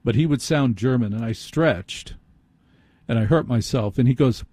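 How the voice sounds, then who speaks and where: A male late-night radio host talks through a self-deprecating anecdote in a husky, mellow voice. The sound is dry and close on a studio mic, with no room around it. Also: mid-range voice, normal speed, no room sound. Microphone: studio microphone.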